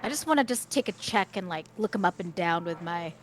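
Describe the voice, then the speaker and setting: A woman's voice: fairly low pitch, lively intonation, brisk. A woman playing a tabletop game, casual and joking. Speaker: player.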